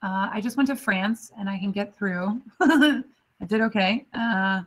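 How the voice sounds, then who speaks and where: A woman's voice: medium pitch, measured pace. A woman chatting as a guest on a casual talk show. She laughs easily and pokes fun at herself between answers. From Texas. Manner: laughing, chatty, self-deprecating. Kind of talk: casual chat.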